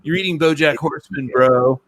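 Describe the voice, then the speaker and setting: A man's voice: fairly high pitch, fairly quick, fairly bright tone, slight background noise. A man hosting a casual live online show, joking and slipping into silly voices. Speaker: podcast host. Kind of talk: casual chat.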